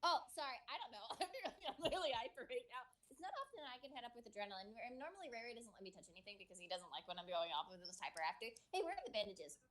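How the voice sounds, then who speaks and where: High-pitched woman rping, super lively, giggly and hyper. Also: rapid-fire, hardly any pauses. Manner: giggly and hyper, playful character voice. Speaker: player. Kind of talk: tabletop role-play with in-character lines.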